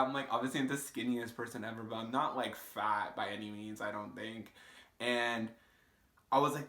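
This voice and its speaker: A young man in his twenties tells a story to camera in a loose, casual way, full of "like" and curse words. His voice is bright and forward, and it echoes off the walls of a bare room. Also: mid-range voice, fairly even intonation, fairly quick. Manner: casual, swearing, lots of "like" fillers. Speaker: vlogger. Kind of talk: storytime vlog.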